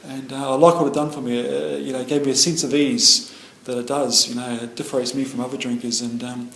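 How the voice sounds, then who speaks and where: A man's voice: mid-range voice, flat delivery, fast talker, creaky. A middle-aged man with a New Zealand accent sharing his story at a recovery meeting, rambling with many fillers and restarts. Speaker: AA meeting speaker. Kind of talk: personal recovery share. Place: meeting room. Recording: echoey meeting room.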